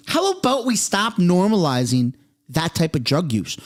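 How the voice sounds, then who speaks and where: Streamer type: excitable man reacting live, lively swooping delivery, exclaims and curses freely. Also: high voice, moderate pace. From Canada. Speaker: streamer reacting to political clips.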